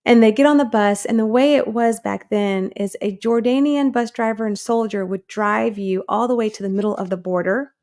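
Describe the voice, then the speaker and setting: Woman, thirties, interview guest, earnest storyteller, gravelly. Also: mid-range voice. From United States. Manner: earnest, animated storytelling with quoted dialogue. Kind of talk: telling her life story in an interview.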